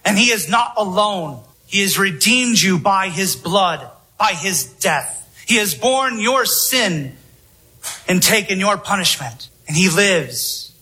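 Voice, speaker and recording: A man preaching a sermon in a solemn, emphatic manner with long pauses. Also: sits high, expressive, bright, forceful tone, breathy edge, low-quality recording.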